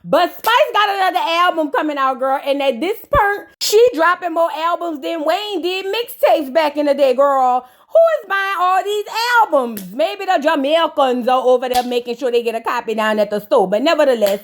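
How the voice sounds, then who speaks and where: A woman's voice: sits high, normal speed, few pauses. A woman hosting a casual reality TV reaction video, sassy and gossipy, roasting the cast and calling the listener "girl". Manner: blunt roasting asides.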